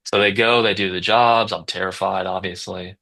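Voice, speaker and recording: A man in his twenties talks in a lower register with a bright, forceful edge. He rambles through a story in a casual podcast chat and keeps circling back with fillers and restarts. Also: fairly even intonation, moderate pace, low-quality recording. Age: 20s. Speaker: guest, business owner.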